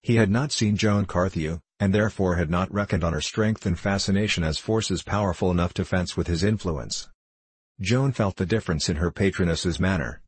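Man reading a novel, low voice, husky, dry close sound, measured. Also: dry recording. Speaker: audiobook narrator. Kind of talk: scripted narration.

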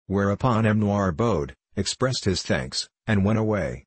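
A man narrating a classic story as an audiobook, in a measured, wry manner. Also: on the low side, animated, breathy edge, no room sound.

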